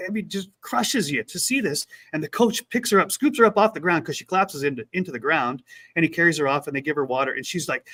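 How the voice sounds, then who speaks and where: A man co-hosting a casual chat, retelling a story with lively acted-out quotes. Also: on the high side, fast. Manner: animated retelling, acts out quotes. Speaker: podcast co-host.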